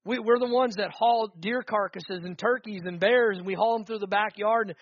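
High-voiced preaching man. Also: steady tone, normal speed, dry recording, lo-fi sound. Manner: preaching with rising fervor, repetitive emphatic phrases. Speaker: pastor. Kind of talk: sermon.

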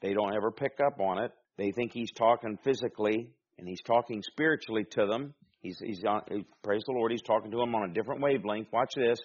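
A man's voice: fairly low pitch, fairly quick, hardly any pauses, breathy edge, dull audio. A man preaching an expository sermon, reading scripture aloud and explaining it with emphatic, rising delivery.

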